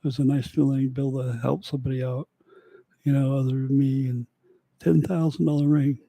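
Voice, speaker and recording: Gravelly, dark-voiced man telling stories. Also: medium pitch, flat delivery, brisk, no room sound. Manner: rambling, digressive. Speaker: storyteller. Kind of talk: casual personal storytelling monologue.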